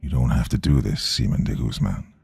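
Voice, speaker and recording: Stern older navy chief, low and firm, voiced by a male narrator. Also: fairly quick, vocal fry, dark tone, husky, faint music behind, heavily acted. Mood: hushed.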